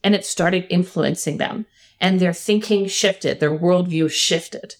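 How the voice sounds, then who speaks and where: A woman's voice: fairly low pitch, measured pace. A middle-aged woman telling a personal story as a podcast guest, earnest and emphatic with frequent laughs.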